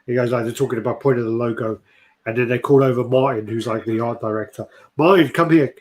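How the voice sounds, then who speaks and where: A man's voice: medium pitch, flat delivery, fast talker, a little mellow. Swearing man telling a story. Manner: swears often, acts out quoted voices. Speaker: show co-host. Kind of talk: casual storytelling chat.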